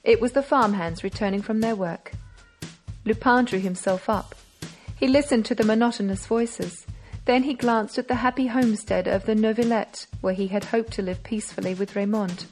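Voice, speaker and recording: Woman, audiobook narration, measured, dramatic, mid-pitched, faint music. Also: fairly even intonation, darkish tone.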